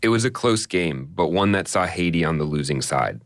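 A man narrating a scripted radio news feature as the reporter, in a measured storytelling way. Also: low voice, animated, no echo.

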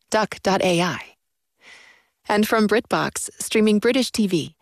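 A female station announcer reading sponsor messages in a smooth, unhurried way into a close studio mic. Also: on the low side, no echo.

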